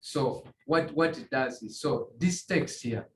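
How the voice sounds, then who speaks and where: Guy doing a screen tutorial, keeps restarting his sentences, echoey room with a bit of hiss. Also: mid-range voice. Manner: halting, repeats and restarts phrases, many fillers. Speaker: tutorial instructor. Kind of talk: screen-recorded coding tutorial. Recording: echoey room, faint ambient noise.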